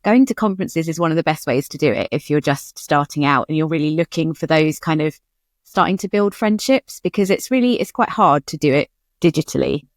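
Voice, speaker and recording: A woman's voice: low-pitched, animated, a little fast, dry recording, clean studio sound. Chatty woman, candid podcast co-host. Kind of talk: casual chat.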